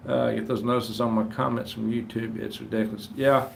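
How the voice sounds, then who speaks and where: Man, fifties, gravelly livestream host, folksy and rambling. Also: mid-range voice, little pitch movement, brisk, a little hiss or hum. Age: 50s. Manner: rambling, folksy, greets viewers and reads chat aloud. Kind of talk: casual livestream chat.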